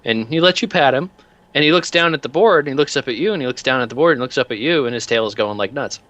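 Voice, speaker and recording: A man narrating as game master in a tabletop game, animated and rambling with many fillers. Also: mid-range voice, fast talker, no echo.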